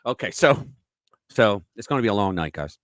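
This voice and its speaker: A man's voice: on the low side, lively intonation, fairly quick, dry recording. A man hosting a political talk show, ranting profanely and mocking his opponents. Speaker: podcast host. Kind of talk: political commentary rant.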